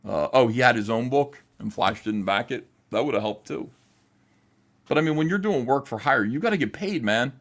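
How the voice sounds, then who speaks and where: A man's voice: mid-range voice, moderate pace, fairly bright tone. A man hosting a livestream, talking in a heated, profane, emphatic way while ranting and reading chat. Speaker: livestream host.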